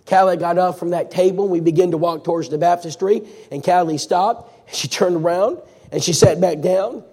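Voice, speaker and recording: Husky preacher in an echoey hall. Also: male voice, high voice, moderate pace. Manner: dramatic, swings between loud and hushed. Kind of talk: sermon storytelling.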